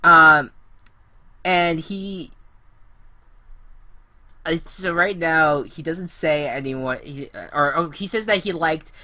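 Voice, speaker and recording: A young woman co-hosting a casual recap podcast, loud and animated, laughing and swearing often. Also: sits low, slow, long pauses. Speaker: podcast co-host.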